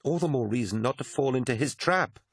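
A male narrator raises his voice to play a frightened, headstrong woman who keeps warning her friends. The voice is husky and swings widely in pitch, pressing each point with urgency in a dry, close audiobook recording. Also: expressive, normal speed, no echo. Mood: alarmed, insistent. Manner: urgent, protesting. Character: anxious, stubborn woman remembrancer.

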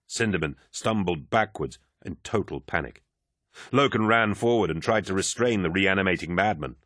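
A man narrating an audiobook in a measured, low-key storytelling manner. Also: a bit bright, dry recording, clean studio sound. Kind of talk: scripted narration.

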